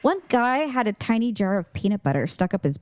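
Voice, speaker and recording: A woman's voice: mid-range voice, brisk, dry recording, clean studio sound. A woman co-hosting a podcast, chatting casually and acting out the people in her stories as she tells them. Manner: animated storytelling with acted-out quotes and laughs. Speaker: podcast co-host. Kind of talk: casual chat.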